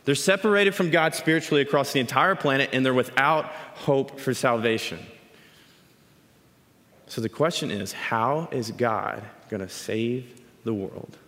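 A man's voice: mid-range voice, unhurried. Man preaching a sermon in a reverberant hall. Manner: animated storytelling, acts out quoted voices. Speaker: speaker teaching scripture.

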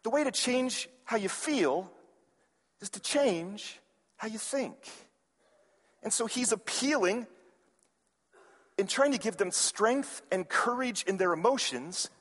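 A man's voice: high-pitched, takes it slowly, long pauses, breathy edge. A man preaching a sermon, telling a story and acting out its characters. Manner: animated, acts out quoted characters with raised voice. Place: large hall or sanctuary. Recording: reverberant church hall.

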